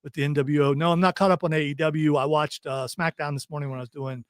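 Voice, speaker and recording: Joking Ohio podcast host, slightly high. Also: male voice, fairly even intonation, smooth, no room sound, studio quality. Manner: joking, rambling, quick to laugh. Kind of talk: casual chat reading stream comments.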